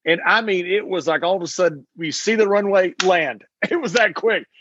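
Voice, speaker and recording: Lively man with a slightly higher voice. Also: moderate pace, dull audio, slight background noise. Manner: animated storyteller who laughs often. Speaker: podcast co-host. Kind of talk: casual storytelling chat.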